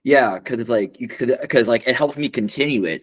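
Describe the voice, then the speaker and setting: A man co-hosting a casual podcast, reacting playfully and excitably with campy interjections. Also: mid-range voice, a little fast. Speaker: podcast co-host.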